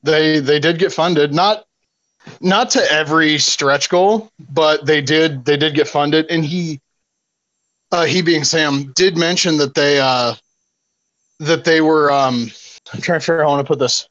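A man's voice: a little high, a little slow, a bit bright, no echo, lo-fi sound. A young man hosting a podcast, casually rambling and cussing as he chats. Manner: rambling, laughing, profane storytelling. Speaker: podcast host. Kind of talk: casual chat.

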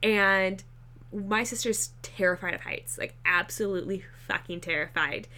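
A woman's voice: medium pitch, moderate pace. A woman co-hosting a casual chat, telling a road trip story with lots of swearing and filler words. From Nebraska. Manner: swears a lot, lively storytelling with frequent "like".

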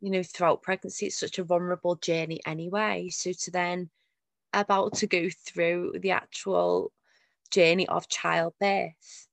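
A woman's voice: on the low side, little pitch movement, unhurried, creaky, no room sound. A woman hosting a podcast interview, speaking sympathetically to her guest. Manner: sympathetic, responds with short reactions. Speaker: podcast host. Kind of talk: casual interview.

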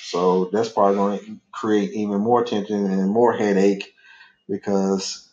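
A man's voice: on the low side, flat delivery, a little slow, darkish tone. A man hosting a podcast with his son, chatting casually in a loose, rambling way and laughing easily. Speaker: podcast host and father. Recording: echoey, dull lo-fi room sound.

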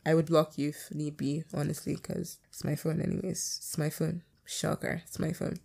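A woman's voice: low-pitched, flat delivery, normal speed, creaky, darkish tone, slightly rough. A young adult woman hosting her own podcast, talking casually and bluntly about her life, swearing freely. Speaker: podcast host.

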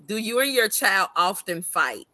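A woman's voice: mid-range voice, very animated, unhurried, pushed and bright, no echo. Laughing, slangy woman co-host. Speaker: podcast co-host. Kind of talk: casual chat.

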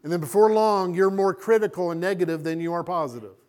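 Guy pastor preaching, lively, acts out bits, slightly high voice. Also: fast. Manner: animated preaching, acting out voices. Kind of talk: sermon.

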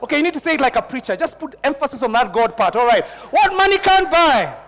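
A man's voice: very high-pitched, expressive, rapid-fire, a bit bright, big-room sound, a little hiss or hum. A man preaching a sermon to a church congregation, telling a personal story and building into fervent prayer. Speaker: pastor.

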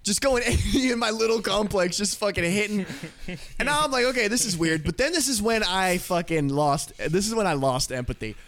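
A man in his twenties, a podcast host, telling a rambling, animated story with heavy swearing. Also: high voice, moderate pace. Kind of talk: casual storytelling.

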